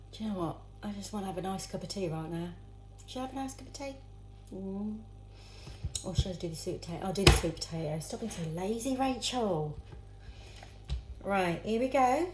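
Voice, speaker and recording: This cooking vlogger has a medium-pitched, darkish voice and talks in an animated, slightly fast way, pausing often. She chops vegetables in her home kitchen, chatting casually with herself and viewers, while pans clatter in the echoey room and slight background noise comes through.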